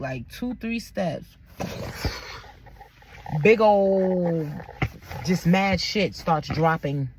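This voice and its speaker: Young woman telling a candid story. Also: fairly low pitch. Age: young adult. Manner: candid, emphatic, slangy with faith phrases. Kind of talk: personal storytelling to camera.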